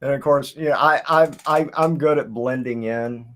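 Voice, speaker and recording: A man in his fifties from Tennessee, a guest telling long stories in a relaxed chat over a video call. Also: mid-range voice. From Tennessee, USA. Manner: unhurried, rambling storyteller. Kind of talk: casual chat.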